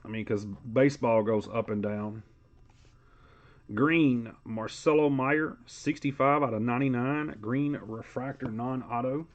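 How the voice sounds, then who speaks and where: A man's voice: medium pitch, unhurried, highs cut off. A man hosting a live sports card break, calling out player names in a casual, chatty way.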